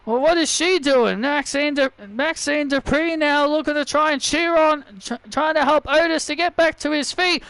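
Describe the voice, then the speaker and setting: A man doing excitable play-by-play wrestling commentary over a video game, repeating himself and bursting into shouts. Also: extremely high pitch, normal speed, few pauses, dry recording.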